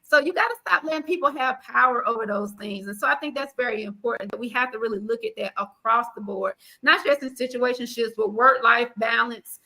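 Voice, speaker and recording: Bright high-voiced sassy woman host. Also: fairly quick, hardly any pauses. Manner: animated, sassy, preachy asides. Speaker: podcast host. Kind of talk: casual panel chat.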